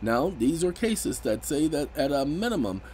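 A man talking through legal points in a casual commentary, his pitch swinging up high whenever he gets indignant. His delivery is emphatic and animated, over a faint hiss of background noise. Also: moderate pace, rough recording. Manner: emphatic, rises sharply when indignant.

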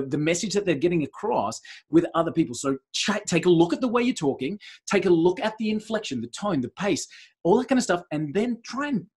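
An enthusiastic man hosting a business podcast, with a high voice and a husky edge. He talks in an animated way, recapping ideas for listeners. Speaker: podcast host.

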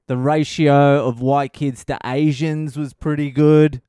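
A man's voice: a little high, level tone, slow, mellow, clear, resonant tone, no echo, studio quality. A middle-aged man, a comedian hosting his own podcast, rambling through a casual comedic monologue and swearing constantly.

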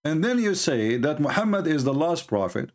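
A man's voice: a little high, big pitch swings, moderate pace. A man hosting a livestream, talking in a scornful, mocking way in non-native English grammar. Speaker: livestream host. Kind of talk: mocking religious debate talk.

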